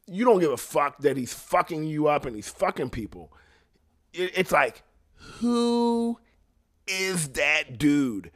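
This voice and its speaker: A man's voice: fairly high pitch, very animated, slow pace, a bit bright. A young adult man talking in a casual, rambling and profane way, laughing often as he goes. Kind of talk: casual chat.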